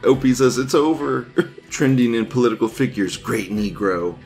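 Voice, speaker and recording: A man's voice: on the low side, a little slow, a little mellow, faint music behind. A man hosting casual news commentary, reading posts aloud with frequent laughter, profanity and sarcasm.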